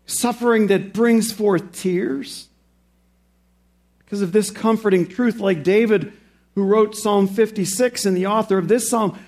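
A man with a notably high voice preaches a sermon, reading scripture and then explaining it. On the big points he slows right down and lifts his voice for emphasis. On the quieter reflective points he sinks low and soft. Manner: preaches with slow, emphatic rises on key phrases. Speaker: pastor.

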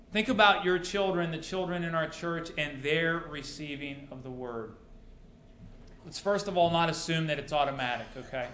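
A man's voice: on the high side, fairly bright tone, a little hiss or hum. A male pastor preaching a sermon to his congregation, mixing rhetorical questions with dry humor. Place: church sanctuary. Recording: roomy church echo.

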